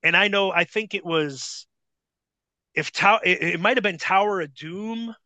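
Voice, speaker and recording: A man recounts a wrestling story in a casual, profanity-laced, animated way. His voice sits high with a bright, forward tone. The recording is dry and close. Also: unhurried, no echo. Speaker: podcast guest, former wrestler. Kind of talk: casual anecdote telling.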